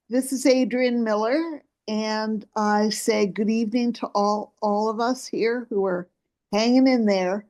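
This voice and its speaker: A woman losing her voice, giving an earnest, halting public comment by remote call at a council meeting. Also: a little high, a little mellow.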